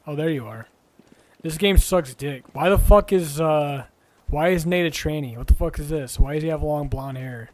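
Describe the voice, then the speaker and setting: A man's voice: on the high side, moderate pace, darkish tone, no echo. A young man streaming a game with friends, talking in a brash, profane, mocking way. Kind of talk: live game-stream commentary.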